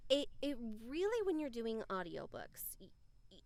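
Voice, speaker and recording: A woman who narrates audiobooks, co-hosting a podcast and explaining her views in a measured, thoughtful way. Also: on the high side, wildly swooping pitch, creaky, no room sound. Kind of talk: casual discussion.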